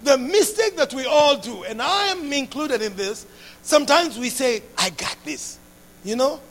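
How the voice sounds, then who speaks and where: A man preaching a sermon with passion, repeating phrases and building up to shouts. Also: very high-pitched, lively intonation, moderate pace.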